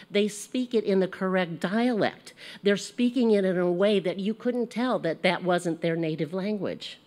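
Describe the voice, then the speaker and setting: An American woman teaching a casual Bible lesson, chatty and animated, laughing at herself as she goes. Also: medium pitch.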